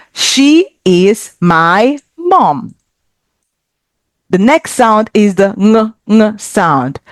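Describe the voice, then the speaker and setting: Woman, kids' language teacher, bright-pitched, dry close sound, patient and encouraging. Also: no echo. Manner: slow, carefully enunciated, encouraging. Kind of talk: children's language lesson.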